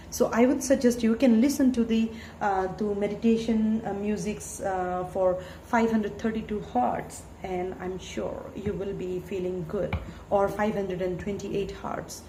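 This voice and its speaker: Mellow-voiced woman giving a tarot reading. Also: medium pitch, a little hiss or hum. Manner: earnest, pleading, with frequent "you know" fillers. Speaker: tarot reader. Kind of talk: spiritual tarot reading monologue. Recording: echoey room with faint ambience.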